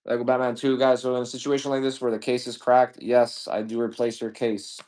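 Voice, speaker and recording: A man selling used games on a livestream, rambling casually with profane jokes and shout-outs to chat. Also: mid-range voice, flat delivery, brisk. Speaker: live sale seller.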